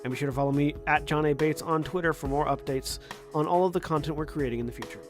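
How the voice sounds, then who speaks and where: Man, producer, scripted announcements, friendly, slightly high voice, faint music. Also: fairly even intonation, fast. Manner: friendly, promotional. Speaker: executive producer.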